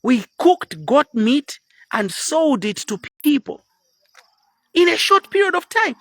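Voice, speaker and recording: A man's voice: very high-pitched, very animated, slow pace, no echo. Guy in his 50s going off in a live motivational rant, really swingy voice, dry close sound. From Zambia. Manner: blunt, preachy, drops into sudden quiet asides. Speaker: motivational speaker. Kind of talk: Facebook live motivational talk.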